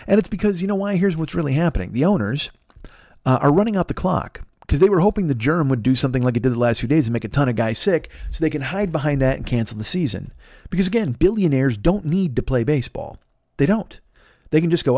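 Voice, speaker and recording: A middle-aged man hosting a podcast, ranting angrily with constant swearing and acting out both sides of an argument in quick voices. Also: fairly high pitch, lively intonation, a little mellow, no room sound, clean studio sound. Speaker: podcast host. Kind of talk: profane ranting monologue.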